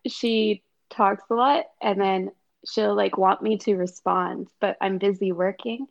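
A woman's voice: mid-range voice, creaky, lo-fi sound. A woman from Canada, a podcast guest chatting casually with lots of fillers and laughter. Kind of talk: casual interview chat.

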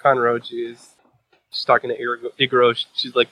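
A man's voice: mid-range voice, completely flat delivery, brisk, pushed and bright, a little hiss or hum, poor audio. A man recapping a manga chapter in casual chat, rambling with fillers and restarts, swearing and laughing at the story.

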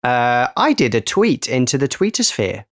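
A man's voice: mid-range voice, very animated, normal speed, dry recording, clean studio sound. A man co-hosting a podcast in casual, playful, joking chat. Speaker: podcast co-host.

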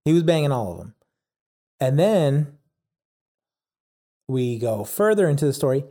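Unhurried and prone to long pauses, a man with a dark, mid-range voice and big pitch swings recaps a documentary in casual chat. He rambles, using fillers such as "like" and "yada yada" often.

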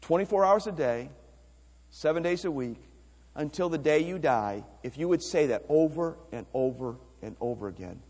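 A man's voice: a little high, animated, moderate pace, darkish tone. A man preaching a missions sermon, emphatic, asking rhetorical questions and repeating words as he goes. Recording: long hall reverb.

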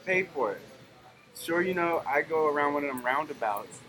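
A man in casual conversation, telling relaxed travel anecdotes. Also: on the high side, normal speed. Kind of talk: casual chat. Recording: noisy background.

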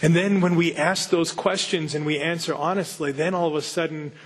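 A man's voice: a little high, fairly even intonation, a little fast. A pastor reading a gospel passage aloud and then teaching on it, earnest and conversational, putting direct questions to his listeners. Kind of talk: Bible reading and sermon teaching.

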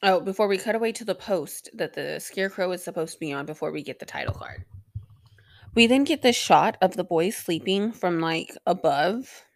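A woman's voice: on the low side, expressive, normal speed, no echo. A young woman hosting a podcast, recapping an episode in a rambling, sarcastic way with plenty of swearing and filler words. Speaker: podcast host.

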